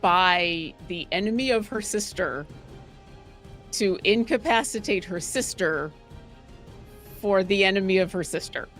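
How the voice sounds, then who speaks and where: A woman's voice: mid-range voice, a little slow, long pauses, fairly bright tone, soft background music. A woman playing a tabletop game, describing her character's actions in a rambling way with restarts. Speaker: player.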